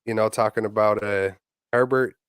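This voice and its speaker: A man co-hosts a casual sports chat, rambling in a slangy way with many fillers and restarts. His voice is on the low side. The recording is dry and close. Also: steady tone, normal speed, clear, resonant tone, no echo. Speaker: podcast co-host.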